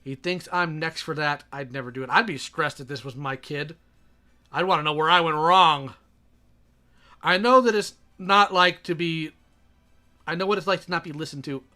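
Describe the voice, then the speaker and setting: Man, very bright tense voice, slightly high, sarcastic, exasperated, reading messages and reacting. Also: normal speed.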